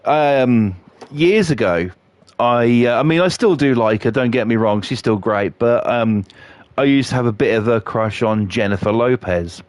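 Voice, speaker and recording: A middle-aged man tells loose, rambling stories during a live stream and swears freely as he goes. His voice sits at an ordinary mid pitch and sounds dry and close, with almost no room sound. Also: normal speed, no room sound. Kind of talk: casual storytelling while playing a game live.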